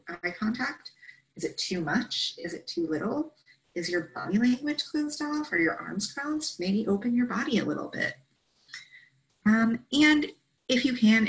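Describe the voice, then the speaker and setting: A woman's voice: medium pitch, low-quality recording. A woman presenting a training session, explaining steps in an instructive way and checking in with "right?" often.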